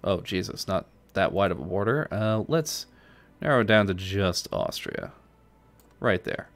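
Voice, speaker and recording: Low-voiced man casually streaming a game. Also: expressive, measured pace. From New York. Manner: chatty, answers chat between moves. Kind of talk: casual live-stream gameplay commentary.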